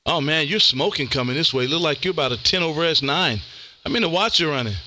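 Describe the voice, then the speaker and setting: A man's voice: on the high side, lively intonation, fast talker, heavy background noise. A man, a ham radio operator chatting casually on air and calling CQ, laid-back and saying "man" a lot. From Texas. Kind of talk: casual radio chat and CQ calls.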